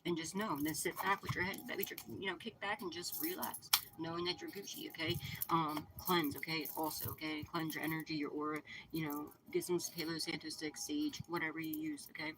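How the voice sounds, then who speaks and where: A woman's voice: low-pitched, level tone, brisk, noisy background. A woman hosting her channel, giving viewers a casual, profane spiritual pep talk and repeating her reassurances over and over. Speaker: spiritual reader and channel host.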